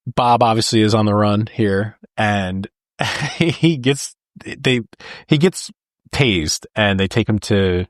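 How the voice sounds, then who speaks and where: Low-voiced guy on a podcast, excitedly recapping a film scene by scene, dry close mic. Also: slow, no room sound. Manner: animated retelling with laughs, acts out lines. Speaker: podcast co-host. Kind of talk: casual film discussion.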